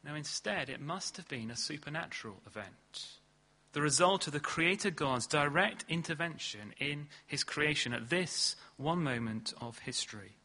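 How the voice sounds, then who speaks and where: Earnest preacher, bright voice. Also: male voice, lively intonation. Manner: earnest, rising to emphatic stresses then dropping low and slow. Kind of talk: sermon. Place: church hall.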